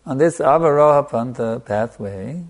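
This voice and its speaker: A man preaching in a gravelly voice at an everyday pitch, driving points home by repeating phrases. After each point he lets a quiet "you see" fall away. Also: animated, normal speed. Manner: emphatic, repeating phrases for stress. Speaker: spiritual teacher. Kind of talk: sermon.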